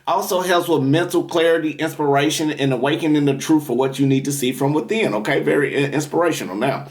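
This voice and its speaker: A man's voice: fairly high pitch, fast. A man giving a tarot reading, leading prayer and guided breathing in a preachy, repetitive way. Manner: preachy, repetitive, calls out to viewers. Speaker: tarot reader. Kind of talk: spiritual reading with guided meditation.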